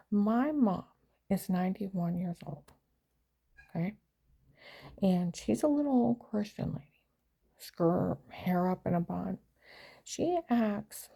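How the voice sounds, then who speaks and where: A woman's voice: mid-range voice, gravelly, dark tone, husky, poor audio. An older woman rambling through an aggrieved story in a casual monologue.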